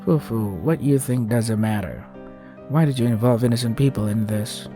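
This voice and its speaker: A man's voice: medium pitch, moderate pace, mellow, faint music behind, natural voice. A man reading as a grieving, angry hero. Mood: accusing.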